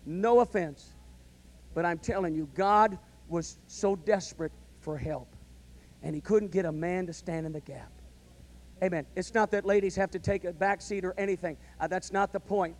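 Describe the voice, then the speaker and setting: A male pastor delivering a sermon, telling a story and building to loud, emphatic calls of amen. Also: high-pitched, moderate pace.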